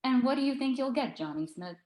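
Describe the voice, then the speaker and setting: A woman's voice: high voice, animated, fairly quick, a little mellow, pitched above the performer's own voice. A woman voicing a brash, sardonic female TV host, speaking in a mocking, theatrical way in an echoey room.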